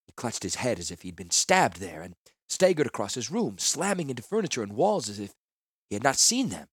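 A man narrating a first-person fantasy novel in a measured, earnest way. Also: medium pitch, sing-song, slightly rough, dry recording, clean studio sound. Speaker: audiobook narrator.

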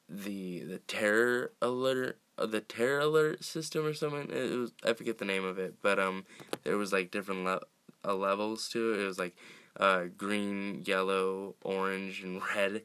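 A man's voice: low voice, normal speed, fairly bright tone, clear, resonant tone, no echo. A man hosting a casual film recap podcast, rambling with frequent laughs and restarts. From United States.

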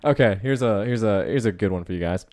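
A man's voice: fairly low pitch, quick pace, darkish tone, no room sound, clean studio sound. A young man co-hosting a casual podcast chat, asking questions and laughing often. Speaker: podcast co-host.

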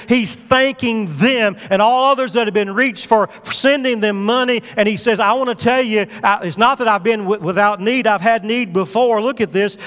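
A man's voice: very high-pitched, a bit bright, clean tone, long reverb tail. A man preaching a fervent sermon as pastor, pressing his point with rising emphasis. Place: church sanctuary.

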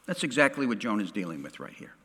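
A middle-aged male pastor preaching a sermon, swinging dramatically from loud to hushed. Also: on the low side, very animated, fast talker, husky, big-room sound.

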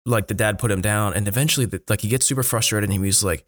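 A man hosting a podcast in a relaxed way, laughing as he tells anecdotes and filling his speech with likes. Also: fairly low pitch, fast. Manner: frequent likes and restarts. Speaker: podcast host. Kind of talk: casual podcast interview.

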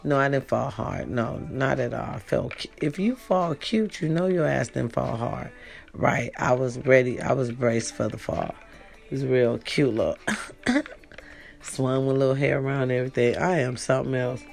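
A woman's voice: rumbling low, moderate pace, gravelly, darkish tone, soft background music. A woman hosting a podcast, chatting casually and playfully to her listeners in a rambling, teasing way. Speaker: podcast host.

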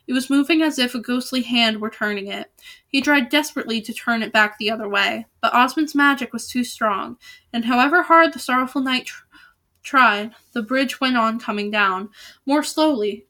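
A woman's voice: a little high, pushed and bright. A woman reading a novel aloud in a casual way, with small slips and restarts. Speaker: reader.

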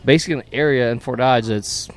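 A man in a casual podcast chat, dropping quick wisecracks between laughs. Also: medium pitch. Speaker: podcast co-host.

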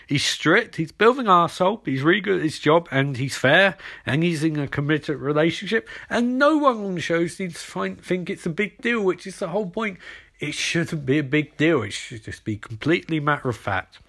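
Male podcast host, slightly higher voice, sarcastic rambling recap delivery. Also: a bit bright. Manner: sarcastic, rambling, puts on silly voices for characters.

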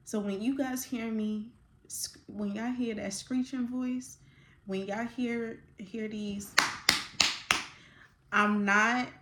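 A woman's voice: fairly high pitch, slow pace, long pauses, noisy background. Passionate woman host talking in a roomy space. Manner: passionate, gets excited and laughs, slangy asides. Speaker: podcast host. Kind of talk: faith-based casual talk.

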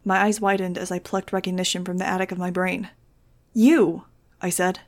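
A woman reading a novel aloud in an expressive, wry first-person narrating voice. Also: lowish voice, fast. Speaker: audiobook reader.

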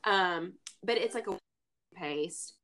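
A bright-voiced woman with a Southern US accent chats loosely as a podcast co-host. She jokes around and fills her talk with likes and ums, and she sounds a bit stuffy. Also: fairly low pitch, slow pace, slight background noise. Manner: chatty, joking, many fillers. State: stuffy from sinuses. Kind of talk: casual chat.

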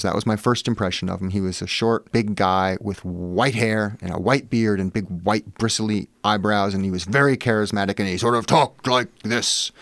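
A man from Massachusetts with a low, gravelly voice tells candid, wry stories about his past. He talks loosely, with plenty of "you know" fillers. The recording is dry and close. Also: no room sound. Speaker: memoir author, guest. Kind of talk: personal storytelling in an interview.

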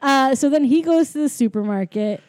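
A woman's voice: high-pitched, expressive, normal speed, a little mellow, dry recording, clean studio sound. A woman casually recapping a movie with a friend, storytelling and acting out quotes with lots of laughter. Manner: chatty storyteller, acts out quotes, laughs often. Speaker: podcast co-host recapping a film. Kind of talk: casual chat.

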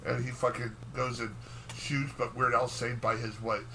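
A man's voice: mid-range voice, flat delivery, moderate pace, pushed and bright, a little hiss or hum, low-quality recording. A man co-hosting a podcast, rambling through a profane, filler-heavy recap in casual chat. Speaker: podcast co-host.

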